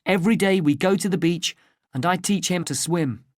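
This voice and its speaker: A narrator reading a simple story aloud in a plain, careful and deliberate way for English learners. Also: medium pitch, no room sound, studio quality.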